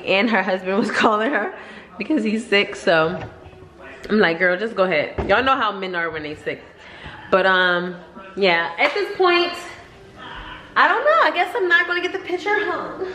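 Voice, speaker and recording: A woman's voice: mid-range voice, fairly bright tone. A woman, chatting casually in a home vlog, laughing and venting her frustration. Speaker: vlogger. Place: house, indoors. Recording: echoey rooms, household noise.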